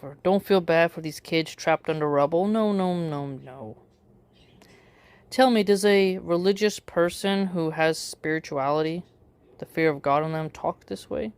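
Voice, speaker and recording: A woman's voice: on the low side, clean tone, no room sound. A woman giving casual spoken commentary in a sarcastic way, full of rhetorical questions. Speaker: political commentator.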